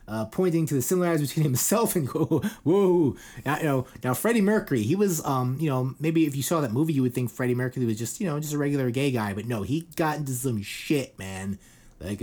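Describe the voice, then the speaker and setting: A man's voice: mid-range voice, a little mellow. A middle-aged man hosting a casual news chat show. He rambles irreverently, swears and fills his talk with "like" and "you know". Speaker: podcast host.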